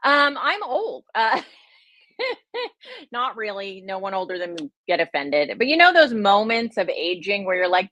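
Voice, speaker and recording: A woman's voice: on the high side, big pitch swings, a little slow, fairly bright tone, no echo. A middle-aged woman, a health and wellness coach, chatting casually on a livestream with a slight Southern American twist, rambling and self-deprecating with many fillers. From United States.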